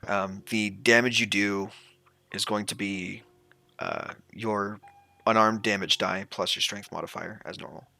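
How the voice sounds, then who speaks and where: A man acting as game master, explaining the rules in a relaxed, rambling way. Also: fairly low pitch, unhurried, creaky.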